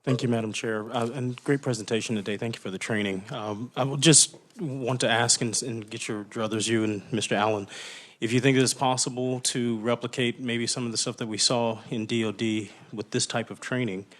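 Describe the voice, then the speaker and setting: A state representative asking a long, rambling question at a committee hearing, clearing his throat now and then. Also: medium pitch, steady tone, a little fast, a bit bright.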